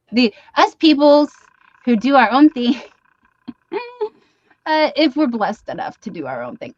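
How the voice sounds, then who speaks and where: A woman's voice: medium pitch, no room sound, lo-fi sound. A woman hosting a late-night livestream, chatting casually and rambling as she reads comments aloud. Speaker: live stream host. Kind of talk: casual chat.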